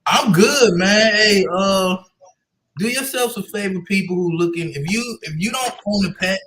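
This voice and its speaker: Bright high-voiced radio co-host man. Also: normal speed, slight background noise. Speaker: sports co-host. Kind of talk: casual radio banter.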